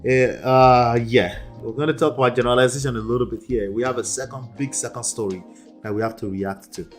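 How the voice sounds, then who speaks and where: A man's voice: mid-range voice, fairly even intonation, a little fast, soft background music. A man reacting to clips as a relationship coach, emphatic and repetitive, laughing between points. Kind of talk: casual reaction commentary.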